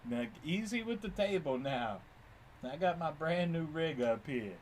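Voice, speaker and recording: A man's voice: fairly high pitch, expressive, measured pace, slight background noise. A man chatting playfully with his cat while filming, teasing it and laughing often. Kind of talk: casual talk to a pet.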